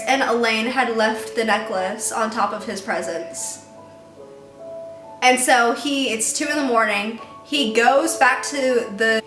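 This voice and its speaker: A woman giving a casual, rambling book review rant, excitedly retelling scenes with lots of "like". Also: a little high. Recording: echoey room.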